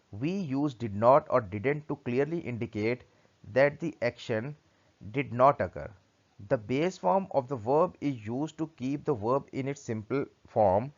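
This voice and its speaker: Slow, deliberate male grammar teacher. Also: medium pitch. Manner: deliberate, reads example sentences one by one. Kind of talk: read-aloud grammar lesson. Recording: dull lo-fi recording.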